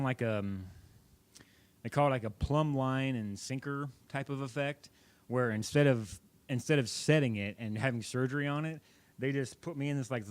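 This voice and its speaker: A young man chats to the camera in a loose, rambling way, circling back and correcting himself as he goes. His voice sits at an ordinary middle pitch for a man. He sounds like a casual vlogger telling a story. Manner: rambling, self-correcting, chatty.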